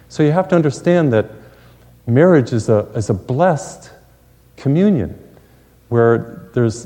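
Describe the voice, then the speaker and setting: A man's voice: medium pitch, mellow. Man preaching in a reverberant hall. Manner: folksy storytelling with jokes and asides. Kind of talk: sermon.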